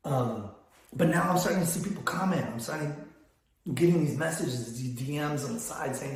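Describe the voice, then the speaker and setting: A man's voice: fairly high pitch, normal speed. An older man, telling stories in a casual vlog, rambling with frequent restarts. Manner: rambling, storytelling with many restarts. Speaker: photography business vlogger. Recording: very echoey room.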